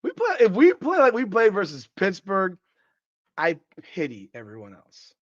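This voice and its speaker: Hoarse guy ranting about football on a live stream, voice a bit high, dry dull lo-fi sound. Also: normal speed, no echo. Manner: excitable, profane, trash-talking fan. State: hoarse, voice worn out. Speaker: podcast host. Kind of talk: live-stream sports talk reading chat.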